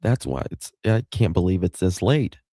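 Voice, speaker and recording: A man's voice: low voice, big pitch swings, normal speed, mellow, breathy edge, no echo. A man with a Southern US accent hosting a casual livestream, chatting and greeting viewers by name as he reads their comments. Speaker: livestream host.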